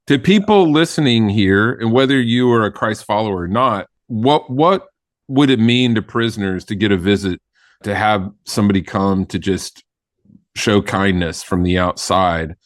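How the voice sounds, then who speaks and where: A reflective man co-hosts a podcast, his lowish voice dry and close with no room sound. He thinks aloud, circling with fillers before landing his point. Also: normal speed, dry recording. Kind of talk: conversational interview.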